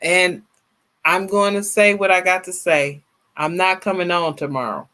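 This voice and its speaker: A woman's voice: on the low side, measured pace. A woman in her fifties hosting a casual livestream. She sounds worn out and chats with her viewers. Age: 50s. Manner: chatty, animated, laughs often, talks to viewers as y'all. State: tired, worn out. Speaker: livestream host. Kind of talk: casual livestream chat, reading viewer comments.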